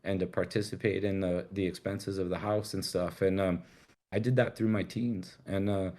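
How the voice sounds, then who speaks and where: Middle-aged american guy, low voice, rambling casual stories, swears a lot. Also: fairly even intonation, normal speed, a little mellow. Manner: rambling and candid, swears freely, acts out quoted voices. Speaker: guest. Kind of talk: casual storytelling interview.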